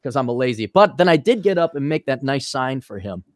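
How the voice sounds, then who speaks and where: A man's voice: medium pitch, a little fast, dry recording, clean studio sound. A man hosting a podcast, telling crude jokes and stories over a video call. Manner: crude, joking, animated storytelling with voiced quotes. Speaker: podcast host. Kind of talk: casual chat.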